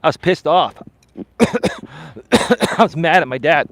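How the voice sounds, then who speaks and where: A life coach telling a personal story live while walking outdoors, candid and animated, growing loud and heated. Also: male voice, a little high, slow, vocal fry, no echo.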